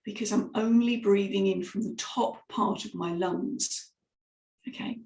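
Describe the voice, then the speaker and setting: A woman leading a lively, hands-on vocal warm-up lesson as a speaking coach. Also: mid-range voice, measured pace, creaky. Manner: lively, demonstrative, guides listeners through exercises. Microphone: microphone, sometimes stepping close. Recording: roomy echo.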